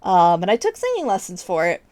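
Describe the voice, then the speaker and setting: A young adult woman streamer chatting casually with her viewers, expressive and laughing often, with casual swearing. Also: on the low side, a little fast, no room sound, clean studio sound.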